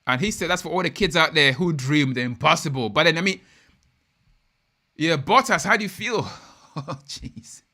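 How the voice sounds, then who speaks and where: A young man hosts a live watch-along of a race and reacts in an excitable, slangy way. His voice is bright and forward and sits a little high, and he keeps chatting straight to his viewers between reactions. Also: normal speed. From United Kingdom. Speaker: live stream host.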